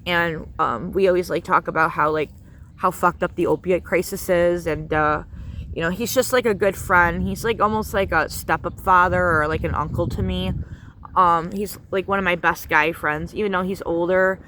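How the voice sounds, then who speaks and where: Brief: woman vlogger, bright and sharp voice, heated rambling rant with lots of swearing. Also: fairly low pitch, normal speed, slight background noise. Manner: angry, profane, many fillers. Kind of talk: casual spoken rant.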